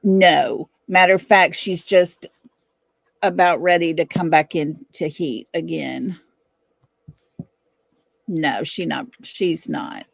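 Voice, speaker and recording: A woman in her fifties hosting a casual livestream from her home, chatting with viewers and breaking off to calm her dog. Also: sits low, takes it slowly, creaky, pauses often, dry recording. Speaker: livestream host. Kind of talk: casual live chat with viewers. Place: home, indoors.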